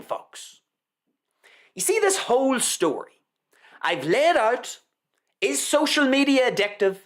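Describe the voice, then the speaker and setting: A man's voice: high voice, fairly bright tone. A man hosting a live show, reading a news article aloud with sarcastic, mock-reverent commentary and repeating lines for effect. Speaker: host.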